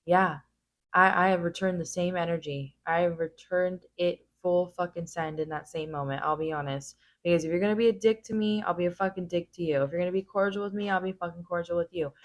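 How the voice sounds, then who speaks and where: A woman's voice: lowish voice, a little fast. A woman hosting a reaction video, giving blunt, casual commentary full of swearing.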